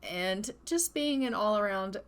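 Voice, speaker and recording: A woman casually narrating her gameplay of a family life sim in a chatty, relaxed way. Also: medium pitch, unhurried, clear, resonant tone. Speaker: gaming channel host.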